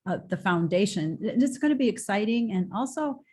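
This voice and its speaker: Casting note: woman, slightly husky, easygoing interviewer who agrees often. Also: mid-range voice, animated, fairly quick, a little mellow. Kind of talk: casual video-call chat.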